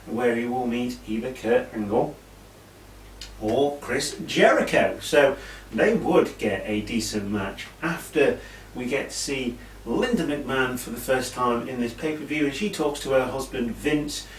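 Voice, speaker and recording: A man's voice: mid-range voice, unhurried. A British man casually recapping an old wrestling event, rambling with asides and fillers. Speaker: wrestling show reviewer. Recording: echoey room, mic at a distance, faint hiss.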